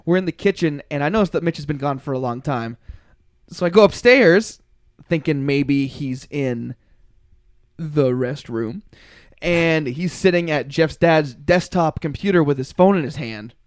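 A young man co-hosting a casual podcast, telling a story animatedly with loud bursts and laughter. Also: fairly high pitch, a little slow, dry recording, studio quality. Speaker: podcast co-host.

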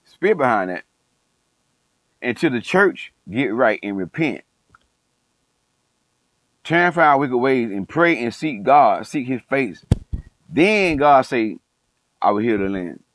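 Slow and pausing often, this middle-aged man's mid-range, slightly bright voice carries lively intonation as he, a coach and online commentator, preaches with passion. He hammers points through repetition and calls himself passionate. No echo, but poor audio.

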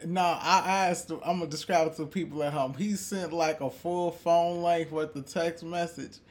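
A man's voice: a little high, steady tone, moderate pace. A man co-hosting a casual podcast, cutting in with dry, teasing remarks. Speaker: co-host. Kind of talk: casual chat.

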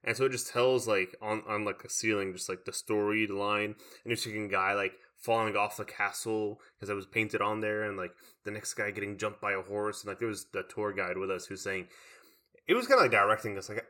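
A man's voice: on the low side, a little fast, pushed and bright. A young man chatting casually, rambling with lots of "like" fillers. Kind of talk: casual chat.

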